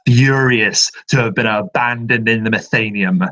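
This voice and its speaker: A man narrating a tabletop game as game master, with slow, descriptive narration. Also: on the low side, sharp tone, poor audio.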